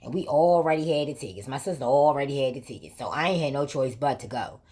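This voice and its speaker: Fast and breathy-edged, this woman's bass voice carries a story on the vlog she hosts. Her retelling is emphatic and repetitive, full of lively back-and-forth quotes and casual vernacular grammar.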